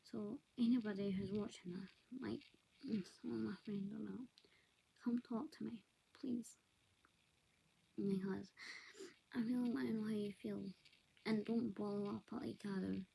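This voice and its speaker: Soft-spoken woman, gravelly half-whisper. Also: mid-range voice, fairly even intonation, measured pace, pauses often, poor audio. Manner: soft, often whispered, hesitant. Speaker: vlogger. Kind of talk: confessional monologue to camera.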